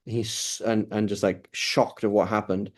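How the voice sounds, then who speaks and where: A man's voice: on the low side, level tone, a little slow. A middle-aged man giving an informal lecture as an Islamic studies teacher, talking casually with many fillers and restarts.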